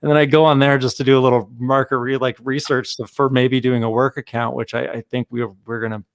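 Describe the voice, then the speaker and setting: A man hosting a podcast in casual conversation, enthusiastic and a bit halting. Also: mid-range voice, level tone, no echo, studio quality. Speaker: podcast host. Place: works in Canada.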